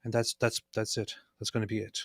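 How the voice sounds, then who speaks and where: A man's voice: lowish voice, little pitch movement, a little fast, gravelly, no echo, studio quality. A man co-hosting a casual political chat, sardonic, often stammering and restarting as he talks. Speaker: co-host.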